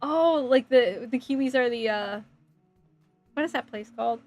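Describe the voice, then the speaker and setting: A woman's voice: high voice, measured pace, long pauses, faint music behind. A woman in her thirties chatting casually with her viewers while building a model kit, giggling often. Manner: chatty, giggly, reading chat aloud. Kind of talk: casual livestream chat.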